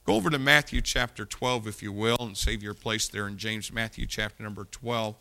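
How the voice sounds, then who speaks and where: A male pastor delivers a sermon in a bright, forceful voice with a gravelly fry underneath. He mixes scripture reading with plain, folksy talk aimed at his listeners. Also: fairly low pitch, brisk.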